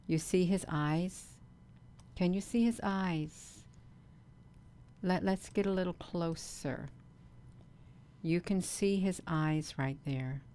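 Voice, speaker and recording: A woman hosting a casual livestream vlog, talking in an earnest, repetitive way with many pauses and ums. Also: lowish voice, warm tone, slight background noise. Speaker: channel host.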